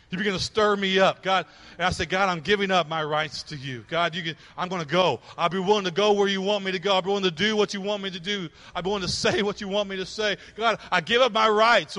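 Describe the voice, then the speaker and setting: A man preaching a sermon as pastor, with impassioned delivery that swings between hushed and loud. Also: high voice, in a large hall.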